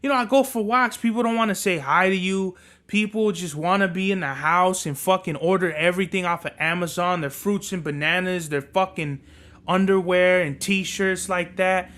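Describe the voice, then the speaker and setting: A young man hosting a podcast, telling work stories in an animated, profane rant. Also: sits high, moderate pace. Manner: animated, cursing, storytelling. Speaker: podcast host.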